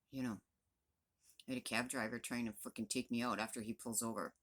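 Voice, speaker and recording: A woman's voice: a bass voice, steady tone, a little fast, fairly bright tone. A woman in her fifties, a vlogger, venting to the camera in a blunt, profane, exasperated rant. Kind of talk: angry direct-to-camera rant.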